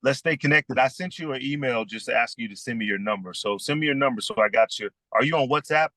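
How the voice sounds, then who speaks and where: A man in his fifties with a Southern US accent, chatting easily as a podcast guest and telling stories in a relaxed way. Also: mid-range voice, fast, dry recording. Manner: easygoing storyteller, calls people "man". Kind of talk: casual conversation.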